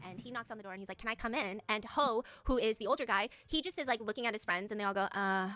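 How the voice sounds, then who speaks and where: A woman's voice: a little high, very fast, no echo. A woman co-hosting a reaction video, animatedly retelling events and acting out what people said. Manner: animated retelling, acts out quotes. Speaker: reaction channel co-host. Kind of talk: casual storytelling chat.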